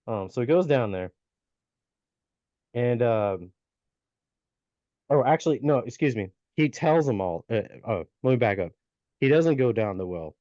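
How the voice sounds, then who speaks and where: A man's voice: on the low side, lively intonation, a little slow, pauses often, dark tone, no room sound. A man co-hosting a podcast, casually retelling a folk tale with lots of fillers and restarts. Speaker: podcast co-host. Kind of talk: casual storytelling chat. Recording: dull lo-fi podcast audio.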